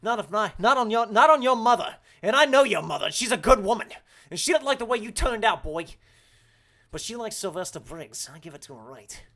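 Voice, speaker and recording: A man's voice: fairly high pitch, sing-song, fairly quick, hardly any pauses, husky. A man voicing a boastful, swaggering tough-guy driver in a comedic game role-play, rambling and profane. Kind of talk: comedic role-play commentary over gameplay.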